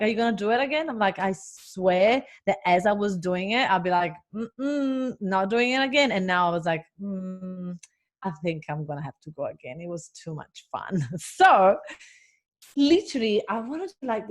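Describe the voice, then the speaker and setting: A woman business coach talking casually to viewers, telling a chatty story with laughs and fillers. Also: fairly high pitch. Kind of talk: casual live talk to viewers.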